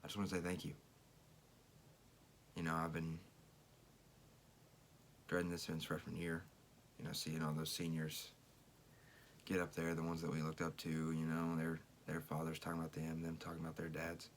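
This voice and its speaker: Young man, extremely deep and gravelly, reflective tribute, faint rumbling hiss behind. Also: monotone, moderate pace, pauses often. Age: young adult. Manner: reflective, searching for words. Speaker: senior athlete thanking his father. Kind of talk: emotional tribute speech.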